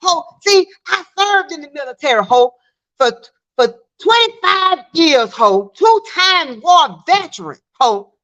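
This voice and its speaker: A woman's voice: very high voice, very animated, a little slow, a bit bright, full character voice. A woman voicing a brash, boastful middle-aged veteran man who scolds and brags with repetitive insults, on dull lo-fi stream audio. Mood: indignant.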